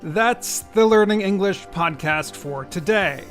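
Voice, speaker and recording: A man's voice: sits high, slow pace, a bit bright, faint music behind. A man hosting a podcast, reading scripted thanks and a sign-off in an upbeat announcing manner. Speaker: podcast host.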